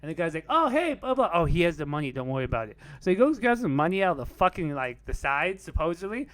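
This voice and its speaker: This fast-talking young man, slightly high-voiced and sing-song, spins a rambling podcast story with no echo on the recording. He keeps dropping "like" and swearing, chuckling at his own tale.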